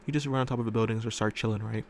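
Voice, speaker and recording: A man's voice: on the low side, fairly even intonation, very fast, a little hiss or hum. A man telling a fan story casually, rambling with lots of fillers and loose swearing, recorded in a room at home.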